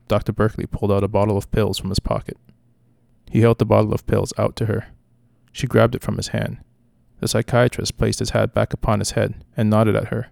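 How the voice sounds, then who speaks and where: A man narrating a dark short story in a flat, steady way. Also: on the low side, a little fast, gravelly, no room sound, clean studio sound. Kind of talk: story reading.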